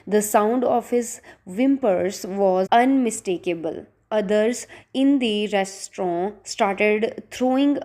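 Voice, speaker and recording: A woman reading an audiobook narration at a middle pitch. Her delivery is steady and even, with scripted storytelling pacing from line to line.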